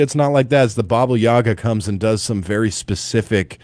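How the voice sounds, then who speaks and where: A man's voice: lowish voice, brisk, a little mellow, no room sound, studio quality. A man hosting a morning radio show, upbeat and playful, who laughs easily with his co-hosts. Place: radio studio.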